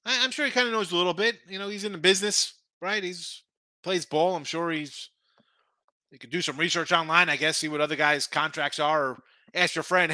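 A man's voice: sits high, fairly even intonation, brisk, sharp tone, no room sound. Middle-aged male betting host, rambling and opinionated, dry close sound. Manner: rambling, opinionated, with frequent restarts. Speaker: sports betting show host. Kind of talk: casual sports betting talk.

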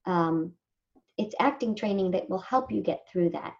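A woman voice actor from Southern California talking casually in an interview, animated and quick to mimic people. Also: mid-range voice, dull audio. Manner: animated, slips into lively mimicry of others. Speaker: voice actor guest.

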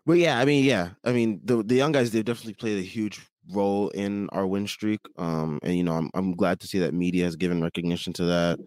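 A man with a very low voice, hoarse from losing it, talks through a postgame sports chat. He stops and restarts often, leaning on fillers as he thinks. The sound is close and dry. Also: fairly even intonation, a little mellow, dry recording. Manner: halting, many fillers and restarts. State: losing his voice. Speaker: podcast co-host; teacher.

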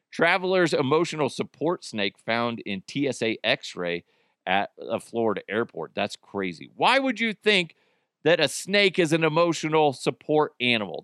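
A man's voice: medium pitch, fairly bright tone, no echo, clean studio sound. Crude joking male podcast host. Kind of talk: casual comedic podcast monologue.

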